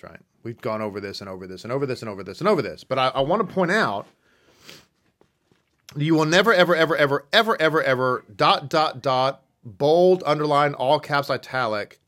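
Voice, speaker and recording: A man delivers a sermon-style teaching in an even middle register. He reads passages slowly, then presses his points hard, repeating words for emphasis and throwing rhetorical questions at his listeners. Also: medium pitch. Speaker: rabbi teaching a congregation.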